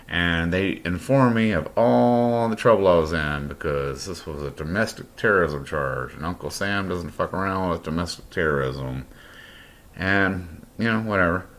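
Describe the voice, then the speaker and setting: A man's voice: low-pitched, fairly bright tone. A middle-aged man hosting his podcast, telling a story in a blunt, profane, rambling way after a few drinks. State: has been drinking. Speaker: podcast host. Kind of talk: storytelling monologue.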